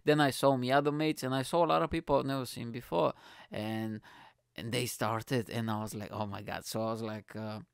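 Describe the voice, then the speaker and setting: A man who does stand-up tells a long, rambling story at his own expense, swearing casually and laughing at himself along the way. His voice sits at an ordinary middle pitch. The sound is dry and close, with no room around it. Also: fairly even intonation, brisk, vocal fry, clear, resonant tone, no room sound. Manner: rambling, self-mocking, swears freely. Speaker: stand-up comedian.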